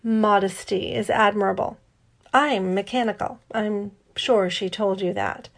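A woman voicing a suave, polite male robot with a sonorous voice and a light Italian accent, speaking with gentle formality. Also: medium pitch, fairly even intonation, measured pace, gravelly.

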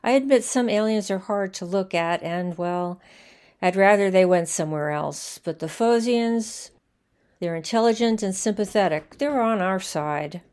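A woman's voice: medium pitch, unhurried, darkish tone, smooth, close to an everyday voice. A woman voicing an earnest, defensive young woman in a storybook reading.

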